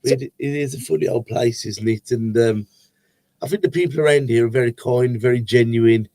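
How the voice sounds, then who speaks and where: A man's voice: mid-range voice, normal speed, a little mellow, dry recording. A man hosting a podcast, chatting and joking with a guest. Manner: jokey, laughing along. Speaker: podcast host. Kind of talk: casual podcast chat.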